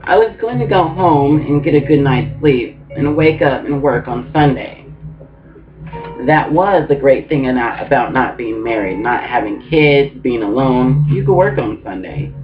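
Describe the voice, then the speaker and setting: Casual male book reader; medium pitch, dull sound with guitar under. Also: expressive, a little slow. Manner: casual reading with small restarts and asides. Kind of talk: audiobook reading. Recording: muffled with guitar music.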